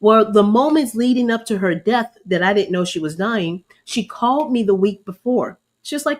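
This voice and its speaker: A woman's voice: medium pitch, animated, a little fast, few pauses. Candid woman preaching her testimony. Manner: candid, emotional, addresses listeners as y'all. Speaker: ministry leader. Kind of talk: live-streamed testimony and preaching.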